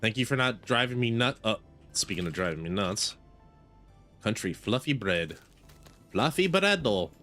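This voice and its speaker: A man's voice: lowish voice, moderate pace, sharp tone, faint music behind. A man giving casual gameplay commentary with a playful, mock-grumpy manner. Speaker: gaming video creator.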